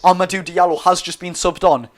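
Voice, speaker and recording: He's a young Geordie streamer watching a football match live, chatting his way through the commentary, reacting to the action and answering his audience's chat messages. His high-pitched voice stays steady in tone and moves fairly quickly.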